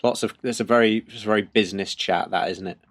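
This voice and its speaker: A man's voice: lowish voice, fairly even intonation, quick pace, no room sound. A British man co-hosting a podcast, reacting with short, dry, wry remarks. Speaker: podcast co-host. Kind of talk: casual chat.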